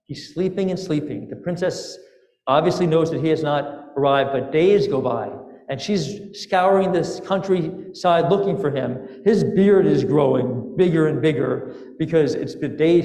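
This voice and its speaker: Playful rabbi telling a tale. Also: male voice, on the high side, moderate pace. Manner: lively, playful storyteller with asides to the congregation. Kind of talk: sermon storytelling. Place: synagogue sanctuary. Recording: echoey sanctuary with long reverb.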